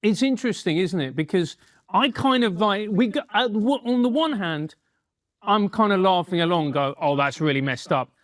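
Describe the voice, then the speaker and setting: Give me a high-pitched man hosting a podcast, reflective, stumbling a bit, dry sound. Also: animated, moderate pace, no echo. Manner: reflective, hesitant restarts. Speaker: podcast host. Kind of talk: interview questions.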